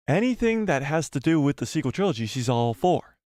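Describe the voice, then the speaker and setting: Male stream host, animated, repeats himself, dry sound. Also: a little high, brisk, no room sound. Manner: animated, repeats himself while building theories. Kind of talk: casual live-stream commentary.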